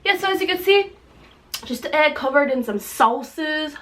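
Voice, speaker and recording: A woman hosting a casual food vlog at home, chatty and excitable as she eats and describes each dish, teary from spicy food. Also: high-pitched, normal speed. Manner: chatty, excitable, exclaims often. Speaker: mukbang host.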